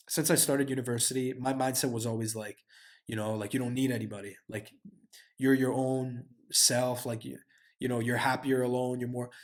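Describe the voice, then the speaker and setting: Young man rambling with slang and swearing. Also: mid-range voice. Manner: heavy slang and swearing, frequent filler "like". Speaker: vlogger. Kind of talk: casual reflective monologue.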